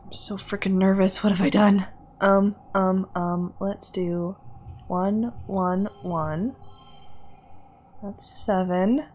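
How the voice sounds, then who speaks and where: Woman streamer reading a story game out loud; nervous, giggly, breaks into whispers. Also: medium pitch, slow, a little hiss or hum. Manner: excitable and nervous, laughing often, dips into whispers. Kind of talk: reading a text game aloud on a livestream.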